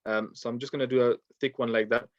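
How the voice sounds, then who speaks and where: A man's voice: mid-range voice, fast, dry recording. A man teaching Quran recitation rules in an online lesson, explaining in an easy way with many ums and modelling the sounds himself. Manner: relaxed explaining with frequent ums, demonstrating sounds. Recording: dull lo-fi dry recording.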